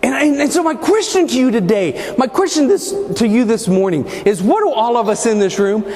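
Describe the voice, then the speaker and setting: A man giving a humorous motivational speech as a keynote speaker, an animated storyteller with punchy comic timing, in a large event hall. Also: very high voice, fairly quick. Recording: echoey hall, faint room noise.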